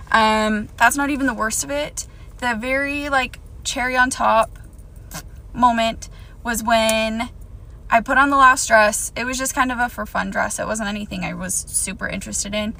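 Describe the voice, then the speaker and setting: A woman's voice: fairly high pitch, gravelly, pushed and bright, a little hiss or hum, rough recording. A young woman telling a personal storytime to camera, emphatic and indignant.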